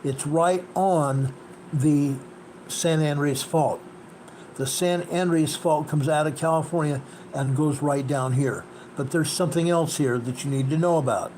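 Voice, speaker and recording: A man with a slightly high voice walks through an earthquake map. He talks in an emphatic way and stresses his points by saying them twice. A faint hum sits under the recording. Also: a little slow, a little mellow, poor audio. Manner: emphatic, repeats key points, asks "okay?". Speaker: host. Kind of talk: earthquake report narrated over a map.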